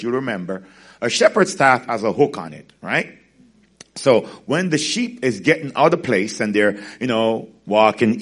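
A man, a pastor, preaching a sermon with animated storytelling and frequent laughter. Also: mid-range voice.

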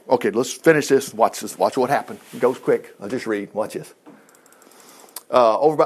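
A man teaching from the Bible in an informal, animated way, full of chatty asides and chuckles. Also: mid-range voice, moderate pace, breathy edge.

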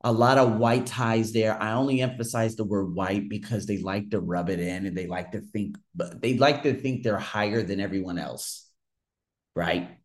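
A man's voice: low voice, moderate pace. A man telling a personal story in a casual monologue, ranting heatedly and swearing often. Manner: heated, profane ranting with frequent restarts.

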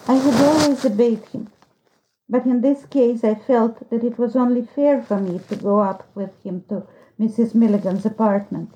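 A woman narrating a story as an audiobook reader, in a slow, measured storytelling manner, on a dull lo-fi recording. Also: fairly high pitch, fairly even intonation, warm tone. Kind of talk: scripted narration.

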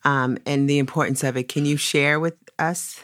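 A woman interviewing a pastor, asking measured questions with occasional fillers. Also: low-pitched, steady tone, a bit bright.

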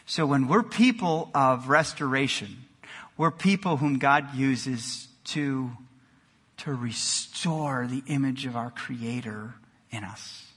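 A male pastor delivering an energetic sermon in a church, moving between loud exclamations and quiet emphasis. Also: medium pitch, slow, husky. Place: church sanctuary. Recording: long hall reverb.

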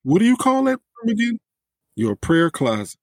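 A man's voice: sits high, huge pitch swings, normal speed, no room sound, poor audio. A man hosting a podcast interview, reflective, speaking directly to his listeners. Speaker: podcast host.

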